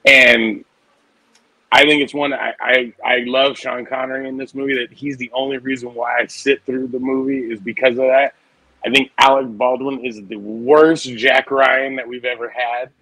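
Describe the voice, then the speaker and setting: A man's voice: medium pitch, flat delivery, moderate pace, bright, forceful tone, no echo, poor audio. A man co-hosting a casual movie podcast, talking in a rambling, profane, enthusiastic way. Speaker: podcast co-host.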